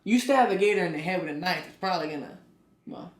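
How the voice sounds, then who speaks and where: A man co-hosting a casual podcast, telling stories and rising loud for punchlines. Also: high voice, animated, fast talker. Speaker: podcast co-host. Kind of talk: casual chat. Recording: echoey room.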